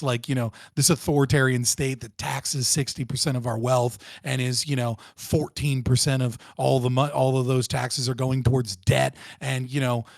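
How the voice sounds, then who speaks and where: A man guest in a casual political debate, animated and profane, who often restarts his sentences. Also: medium pitch, gravelly, dry recording.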